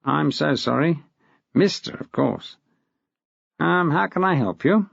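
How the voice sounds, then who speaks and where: Male reader does a smug, testy head teacher, husky and dry-sounding. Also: a little high, takes it slowly, a bit bright, no room sound, full character voice. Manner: smug, acid. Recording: dull dry lo-fi recording.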